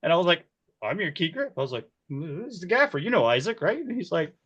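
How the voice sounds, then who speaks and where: A man in his forties, a key grip, telling set stories in a casual interview, animated and quick to laugh. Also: a little high, slightly rough, dull audio. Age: 40s. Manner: animated, laughs often, acts out quoted voices. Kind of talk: casual storytelling.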